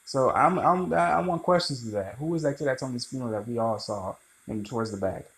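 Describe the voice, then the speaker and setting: A man rambling through a casual, animated movie review, swearing freely. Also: mid-range voice, brisk, creaky, low-quality recording.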